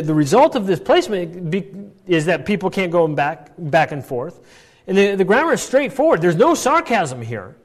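A man's voice: high voice, big-room sound. A man teaching a Bible passage, explaining step by step and checking in often with "all right" and "right?".

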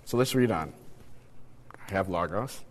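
A man's voice: low-pitched, animated, measured pace, slight background noise. A man teaching a casual Bible study, reading passages aloud and checking in with rhetorical questions. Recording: long hall reverb.

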